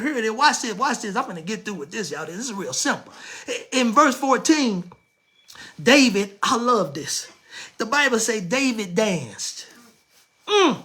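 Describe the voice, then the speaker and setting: A woman preaching a sermon as bishop, animated and emphatic, repeating phrases, asking herself questions and breaking into shouts. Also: high-pitched. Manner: playful rhetorical questions answered aloud.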